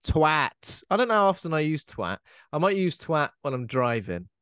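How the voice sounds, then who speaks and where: A man's voice: on the high side, sing-song, a little fast, a bit bright, clear, resonant tone, dry recording, clean studio sound. A man with a British accent, co-hosting a horror film podcast in casual, jokey chat. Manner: chatty, playful, jokey voices. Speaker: podcast co-host.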